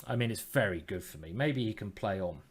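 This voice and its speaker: A man's voice: fairly low pitch, lively intonation, brisk, husky. A man streaming online chess, thinking aloud in a playful, self-mocking way and teasing his opponent.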